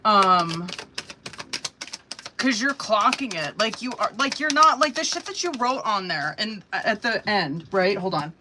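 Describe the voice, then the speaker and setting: A woman's voice: medium pitch, big pitch swings, a little slow, background noise. A woman giving a live-stream tarot reading, talking bluntly and animatedly with lots of swearing and slang. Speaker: tarot reader.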